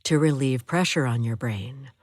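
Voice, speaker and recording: A woman's voice: very deep voice, normal speed, no room sound, clean studio sound. A woman voicing a soothing nurse. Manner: soothing, reassuring.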